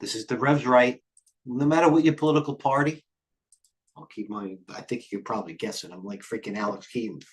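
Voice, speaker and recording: A man's voice: medium pitch, fairly even intonation. A middle-aged man hosting live market commentary, rambling and jumping between tangents. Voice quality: occasional cursing, blunt and fast-thinking. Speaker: trading stream host.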